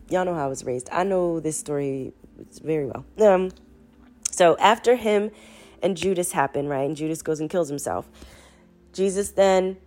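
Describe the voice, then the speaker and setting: Woman, sick, low-pitched, casual and profane, rambling storyteller, soft background music. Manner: rambling, profane, addresses listeners as y'all. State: sick, foggy-headed. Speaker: spiritual storyteller. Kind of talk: casual spoken retelling.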